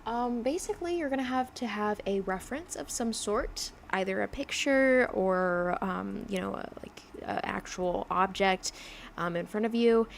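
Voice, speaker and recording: Young woman, casual streamer, rambly and giggly, gravelly fry, accent wanders in a mix, faint room hum. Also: mid-range voice, moderate pace. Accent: drifting mix of mimicked accents. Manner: chatty, rambling, laughs often, many fillers. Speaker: digital artist livestreaming. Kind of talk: casual livestream chat while drawing.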